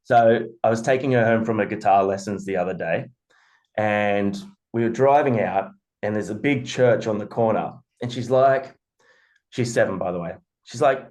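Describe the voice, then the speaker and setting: A man, a podcast co-host telling animated stories and swearing freely. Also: fairly low pitch, brisk. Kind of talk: casual storytelling.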